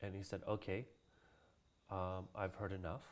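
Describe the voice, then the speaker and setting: A man from Hawaii with a fairly low voice tells a personal story in a relaxed interview. He acts out the people he quotes and laughs often. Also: a little slow. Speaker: guest, Hawaiian cultural practitioner.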